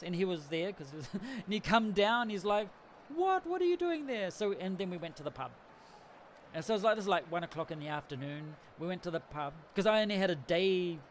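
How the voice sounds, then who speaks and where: A man's voice: sits high, a little hiss or hum. A man from New Zealand hosting a casual livestream, telling a rambling travel story with frequent laughs. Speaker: livestream host. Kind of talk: casual chat.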